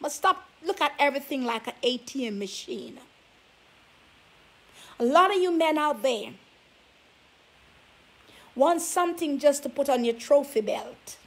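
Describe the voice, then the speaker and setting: A woman's voice: high voice, lively intonation, a little slow, pauses often, breathy edge. A woman vlogger giving relationship advice, scolding her listeners with sassy rhetorical questions. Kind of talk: preachy talk to camera.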